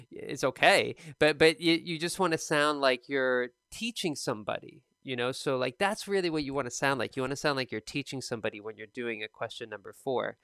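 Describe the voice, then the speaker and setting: Smooth-voiced male TOEFL teacher. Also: mid-range voice, normal speed, fairly bright tone, no room sound, clean studio sound. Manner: conversational, explains with examples. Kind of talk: live-streamed teaching talk.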